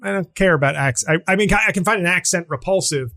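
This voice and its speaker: A man's voice: high voice, fast talker, sharp tone, faint music behind. A middle-aged man hosting a podcast in casual comedic chat, acting out quotes with shifting voices. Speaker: podcast host.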